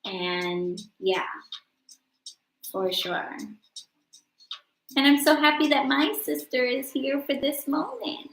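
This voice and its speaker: A woman in her thirties hosting a casual live stream, chatting and joking and quick to laugh at herself. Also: sits high, animated, fairly bright tone. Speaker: host of a live witchcraft coaching stream. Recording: roomy echo.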